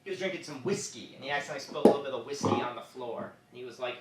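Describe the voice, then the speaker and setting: A man performing a stand-up comedy set on a club stage, with quick asides as he moves between jokes. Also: mid-range voice, very noisy. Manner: lively, joke-driven, quick asides. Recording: echoey club from far off.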